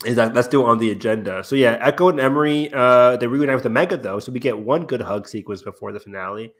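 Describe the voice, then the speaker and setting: A man's voice: medium pitch, fast. A man hosting a casual fan podcast, rambling with lots of fillers, laughing often and swearing casually. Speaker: podcast host.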